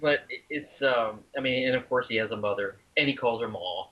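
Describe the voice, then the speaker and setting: A podcast co-host from the US South, Arkansas or Alabama, chats casually in a medium-pitched voice at a fairly quick pace. He's talkative and stumbles over his words when something amuses him, and the podcast audio sounds dull and lo-fi.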